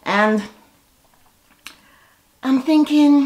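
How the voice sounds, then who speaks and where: Lady with a lowish voice doing a casual reality tv recap, sassy and blunt, pretty animated. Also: moderate pace.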